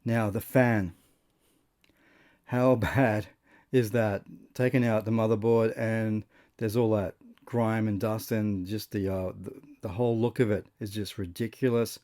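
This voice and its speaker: A man's voice: on the low side, little pitch movement, unhurried, mellow. An Australian man casually narrating his restoration of an old game console, chatty and rambling, with lots of fillers and restarts. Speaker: host of a retro console restoration channel.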